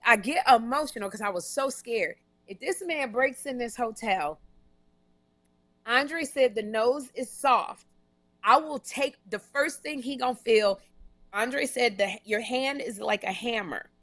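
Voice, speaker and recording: A woman host with a bright, forceful voice tells a story in a casual, animated way. Her pitch sits a little high. The sound is dry and close, from a hotel room. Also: slow pace, no echo. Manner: animated, emphatic, repeats herself. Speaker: talk show host and comedian. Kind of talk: casual live-stream storytelling.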